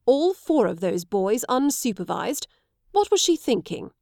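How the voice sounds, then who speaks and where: A woman voicing a worried gentleman in an audiobook, anxious and exclamatory. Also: mid-range voice, animated, moderate pace, no echo, studio quality, lightly acted. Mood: fretful. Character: worried gentleman, fretful and protective.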